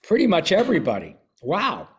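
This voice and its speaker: Over a video call, an older man who does voice acting reads a picture book to schoolchildren and chats with them, clearing his throat occasionally. His high-pitched voice swoops wildly and moves briskly, with slight background noise.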